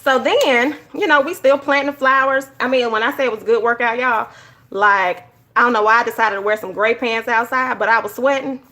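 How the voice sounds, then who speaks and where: Bright-voiced woman chatting. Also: fairly high pitch, fairly quick. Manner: animated storytelling, addresses viewers as y'all. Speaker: journaling YouTuber. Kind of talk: casual chatty vlog while journaling.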